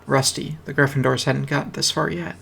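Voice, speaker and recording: A man's voice: mid-range voice, flat delivery, brisk, gravelly, a bit bright, husky. A man reading a fantasy fan story aloud on a stream, with a dry, wry delivery. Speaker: reader. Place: home streaming setup. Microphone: streaming mic.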